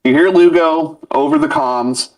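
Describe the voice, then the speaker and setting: A man's voice: high-pitched, big pitch swings, measured pace, gravelly, distant mic, a crowd in the background, low-quality recording. A man co-hosting a casual podcast, talking loosely about a video game and swearing often. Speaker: podcast co-host.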